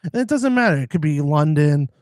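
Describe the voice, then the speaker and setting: A man's voice: a little high, lively intonation, brisk, darkish tone, no room sound. An American man in casual chat, talking earnestly and rambling with many fillers. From United States. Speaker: podcast guest.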